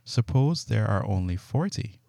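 Guy reading a humble old patriarch begging politely, low mellow tone. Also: expressive, a little slow, gravelly, dry recording. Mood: pleading. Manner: pleading, respectful.

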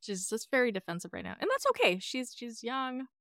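A woman talking through a character's choices in relaxed podcast chat, thoughtful with a wry edge. She sits close to the mic in a dry, dead sound with no echo. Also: on the high side, fairly quick. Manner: reflective, analytical, wry, with frequent laughs. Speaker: podcast co-host. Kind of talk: casual chat analyzing a TV episode.

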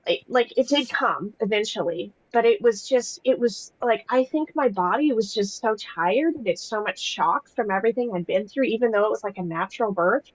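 A woman's voice: medium pitch, normal speed, hardly any pauses, dry recording, poor audio. A young adult woman, a podcast guest, candidly recounting her own experience in a casual, emotional way with lots of fillers. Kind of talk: casual personal storytelling.

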